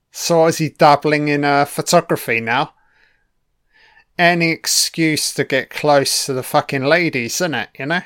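A man's voice: on the high side, takes it slowly, long pauses, fairly bright tone, clear, resonant tone, no room sound, clean studio sound. A man giving a casual, rambling film commentary, swearing freely and chuckling between asides.

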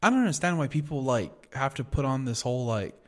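A man's voice: mid-range voice, lively intonation, a little fast. A young man, co-hosting a podcast in casual chat and telling stories in a laid-back, profane way. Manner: laid-back, profane storytelling, says "dude" a lot. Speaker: podcast co-host.

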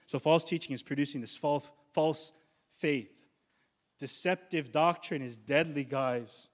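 A male pastor preaching a sermon in a conversational, urgent way, slowing down on key words. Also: a little high. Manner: conversational preaching, slows down for emphasis.

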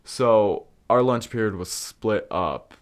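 A young man with a notably low voice tells his own stories on a podcast. He talks in a loose, candid way, dropping swear words and fillers as he goes. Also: slow pace. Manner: candid and profane, with frequent fillers. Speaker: podcast host. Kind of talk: casual storytelling.

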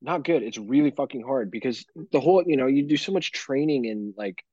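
A podcast co-host, male, chats casually and swears freely while telling animated parenting stories. His husky voice sits at medium pitch and moves fairly quickly. The sound is close and dry with no room sound, a little dull and lo-fi.

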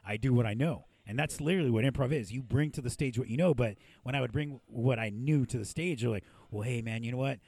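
A man's voice: mid-range voice, quick pace, few pauses, a little mellow, breathy edge, dry recording. A man who hosts a podcast, telling profane stories in casual chat and laughing often. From Mexican-American from San Diego. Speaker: podcast host and puppeteer. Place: podcast studio.

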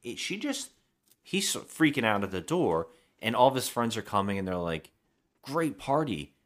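A man with a very low voice talks through a movie's plot on a podcast. His delivery swings widely in pitch, and he acts out the characters' lines as he retells each scene. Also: big pitch swings, moderate pace. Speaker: podcast co-host. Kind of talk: casual movie-review chat.

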